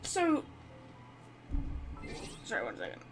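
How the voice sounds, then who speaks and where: A woman's voice: on the high side, wildly swooping pitch, takes it slowly, over music. A woman chatting casually as she sets up and opens a live game stream, thinking aloud as she goes.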